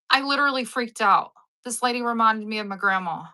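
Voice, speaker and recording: A woman hosting a live-sale stream chats casually with her viewers, rambling through stories and animatedly acting out the people in them. Her voice is on the high side, and she talks briskly with hardly any pauses.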